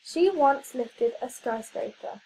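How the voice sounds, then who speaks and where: A woman reading a children's story aloud, clear and expressive. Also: on the high side, takes it slowly, slight background noise, low-quality recording.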